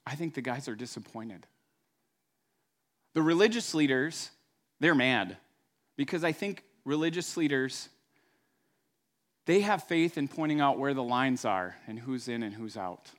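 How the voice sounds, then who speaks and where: A man's voice: mid-range voice, fairly bright tone. A man preaching a sermon in a conversational, storytelling way. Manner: conversational storytelling, acts out voices. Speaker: pastor.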